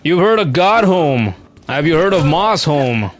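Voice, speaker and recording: A man's voice: on the high side, big pitch swings, measured pace. A young man streaming a game, chatting casually with his chat, sarcastic and swearing freely. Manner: sarcastic, profane, talks to chat. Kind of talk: casual gaming stream commentary.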